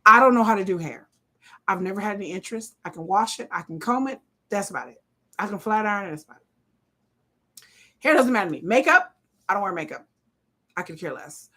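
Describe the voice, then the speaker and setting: A woman talks bluntly and animatedly, swearing freely as she comments on a TV episode. Her voice is bright and forceful, set at a middling pitch. She hosts a casual live stream. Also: fast talker. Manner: blunt, profane, animated, laughs often.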